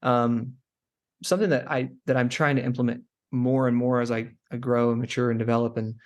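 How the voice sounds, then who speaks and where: A man's voice: medium pitch, flat delivery, fairly quick. A young man who is a chiropractor, a guest on a podcast, talking casually and rambling through stories with lots of "like" fillers. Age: young adult. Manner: rambling storyteller, many "like" fillers. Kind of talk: casual interview chat.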